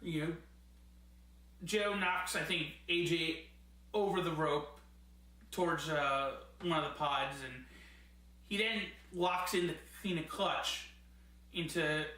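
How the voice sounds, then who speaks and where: A male wrestling show reviewer with a fairly high, pushed and bright voice speaks slowly with long pauses. As host he gives a casual, enthusiastic review, rambling at times and laughing often, in a very echoey room.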